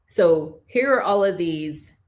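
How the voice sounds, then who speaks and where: Emphatic woman, slightly low voice. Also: lively intonation, slow. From Jamaica. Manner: emphatic, preacher-like, scripture-quoting. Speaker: morning show host. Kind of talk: motivational talk.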